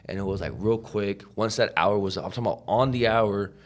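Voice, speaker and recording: A man with a fairly low voice tells his story in a rush, words tumbling out quickly. His talk is casual and salted with swearing and slang, packed with "like" and "you know." He slips into the voices of the people he quotes. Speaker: podcast guest.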